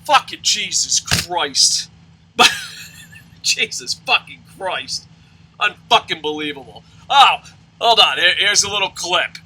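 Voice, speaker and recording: Male host, profane ranting commentary, bright and cutting tone, yells often. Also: high voice, huge pitch swings, slow, a little hiss or hum, rough recording. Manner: shouting, swearing constantly, loud outbursts. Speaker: wrestling news host.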